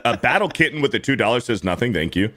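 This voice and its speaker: A man's voice: mid-range voice, sing-song, fast, sharp tone. A man hosting a casual livestream, reading viewer messages aloud while hiccuping, profane and laughing through them. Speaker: host reading super chats.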